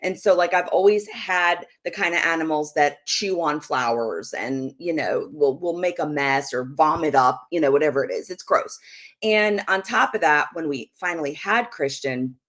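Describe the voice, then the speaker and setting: A woman's voice: sits low, animated, normal speed, a bit bright. A woman speaking at a Christian ministry about marriage, telling a personal story in a chatty, candid way with lots of "like" and "you know". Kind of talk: personal storytelling on a live show.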